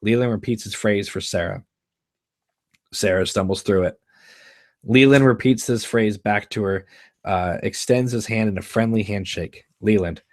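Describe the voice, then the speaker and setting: A man hosting a show, reading out the stage directions of a screenplay live in a measured, flat manner. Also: fairly low pitch, no room sound. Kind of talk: live screenplay read-through.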